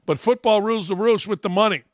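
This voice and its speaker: Man, middle-aged, sports talk host, blunt profane rant, high voice, dry close sound. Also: fast talker, no room sound.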